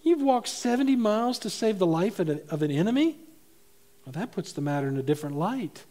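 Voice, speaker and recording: A man's voice: high voice, lively intonation, brisk, warm tone. A man voicing a commanding male general in a retold story, declaiming with raised emphasis. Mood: astonished. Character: male general, commanding, stern then astonished.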